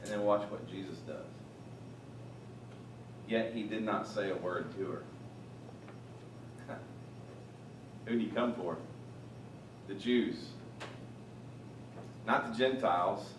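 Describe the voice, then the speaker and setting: A man teaching through a Bible passage, animated, rising loud on quoted lines and dropping quiet for asides. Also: on the low side, slow, pauses often, distant mic, noisy background. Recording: echoey room from off-mic, faint ambience.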